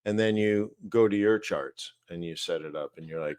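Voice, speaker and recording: A man teaching trading live, walking through price charts slowly, thinking aloud with fillers and asides. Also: deep voice, darkish tone, clear, resonant tone, no echo, studio quality. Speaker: trading educator.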